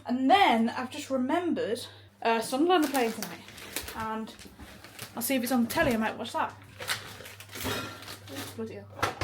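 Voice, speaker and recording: Chatty woman vlogging. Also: fairly high pitch. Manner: chatty, swears casually, laughs often. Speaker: vlogger and musician. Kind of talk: casual vlog chat to camera.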